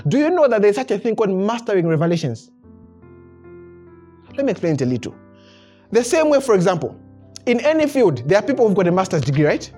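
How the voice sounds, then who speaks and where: A pastor preaches an animated sermon to a congregation at a church service, chuckling often, repeating words, and restarting phrases as he builds his point. His voice sits high and is fast, with frequent pauses over soft background music.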